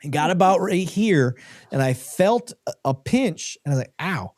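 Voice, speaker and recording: A middle-aged man co-hosting a live podcast, telling a story with animated energy and frequent laughter. His voice is mellow and dark, recorded dry and close with no room sound. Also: high-pitched, normal speed, dry recording. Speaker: podcast co-host.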